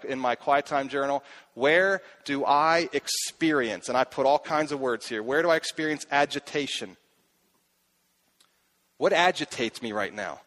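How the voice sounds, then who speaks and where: A middle-aged man delivers a sermon from the pulpit in an earnest, searching way. His voice sits slightly higher than most men's, and he circles back to repeat his key lines as he questions himself aloud. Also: fairly bright tone. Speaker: pastor.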